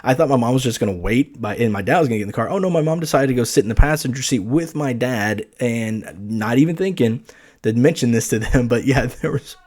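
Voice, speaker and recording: A young man hosts a podcast in a relaxed, chatty storytelling style. He acts out what everyone said, and his voice leaps up whenever he quotes someone. His voice sits at an ordinary middle pitch. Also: quick pace. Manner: animated, acts out quoted lines with big pitch jumps. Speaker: podcast host. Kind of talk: casual storytelling.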